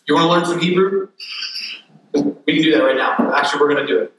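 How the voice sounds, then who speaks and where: Male pastor, sermon, bright clear tone, energetic and interactive, joking asides, echoey hall, heard from far off. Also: on the high side, fast talker, slight background noise.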